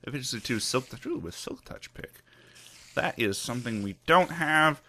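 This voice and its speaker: A man hosting a let's play who gives casual, excitable commentary with lots of laughs and jokes at his own expense. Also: medium pitch, moderate pace. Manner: excitable, self-mocking, laughs often.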